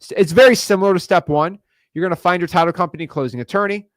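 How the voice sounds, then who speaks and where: Male coach, a bit high-pitched, punchy slangy delivery, dry close sound. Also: no room sound. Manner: fast, emphatic, slangy, repeats words for emphasis. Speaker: real estate wholesaling coach. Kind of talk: energetic coaching video lesson.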